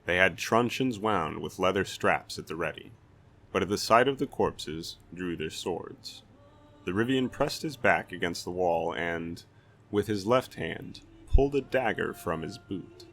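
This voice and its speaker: A man reading a fantasy novel aloud as a storyteller, in steady dramatic narration. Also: low-pitched, unhurried, gravelly.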